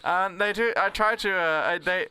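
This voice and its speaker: An Australian comedian chats in a high, bright voice, rambling playfully and jumping into accents. His tone is smooth and resonant, close to the mic in a dry room. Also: moderate pace, no room sound. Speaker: comedian guest. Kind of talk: casual podcast chat.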